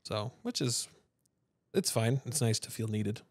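A man's voice: medium pitch, animated, measured pace, no room sound, studio quality. A father co-hosting a podcast in casual chat, rambling through stories and acting out what people said. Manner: rambling storyteller who acts out quotes in other voices.

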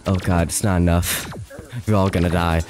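A man's voice: sits low, flat delivery, normal speed. A man streaming a video game live, chatting loosely with viewers, often panicking and laughing. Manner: panicky, laughing, rambling to chat.

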